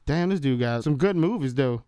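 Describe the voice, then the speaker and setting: Smooth-voiced joking man, dry studio. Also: medium pitch, a little fast, no room sound. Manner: joking, slangy, animated storytelling. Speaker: podcast co-host. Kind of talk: casual movie recap chat.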